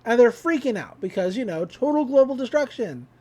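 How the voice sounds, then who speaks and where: Fairly high-pitched and sing-song, yet dark in tone, her voice runs a little fast as she recaps a cartoon episode for her podcast. She sounds chatty, casual and excited, dropping fillers often.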